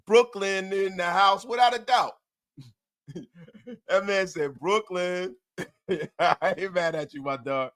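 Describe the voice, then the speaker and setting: High-pitched male streamer hosting a post-game fan show, excitable, loud and repetitive. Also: takes it slowly, pauses often. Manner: excitable, loud, repeats himself, banters with chat.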